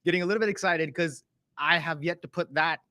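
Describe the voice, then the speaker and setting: A man's voice: a little high, fast, bright, forceful tone, dry recording. A man from the Toronto area, hosting a live talk show in a chatty, joking way with plenty of fillers. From Canada (Toronto area). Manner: chatty, jokey, lots of fillers. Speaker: host.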